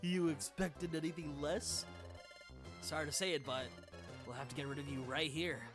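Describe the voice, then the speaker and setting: A woman's voice: low voice, steady tone, moderate pace, over music, pitched below the performer's own voice, close to an everyday voice. A woman voicing a smug, gloating male monster villain from a game, mocking the heroes. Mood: smug taunting.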